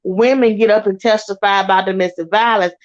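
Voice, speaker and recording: A woman co-hosting a casual chat, relaxed and hesitant, reading out viewer comments. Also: medium pitch, brisk. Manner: relaxed, hesitant, many "you know" fillers. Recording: muffled lo-fi audio.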